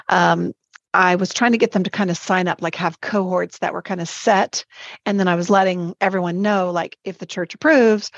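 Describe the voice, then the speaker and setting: Podcast guest, female, animated storyteller with frequent laughter; muffled, dry recording. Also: mid-range voice, creaky, no room sound. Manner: animated, laughs often, rushes through lists. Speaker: guest, spiritual life coach and Zumba instructor. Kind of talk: personal storytelling in a podcast interview.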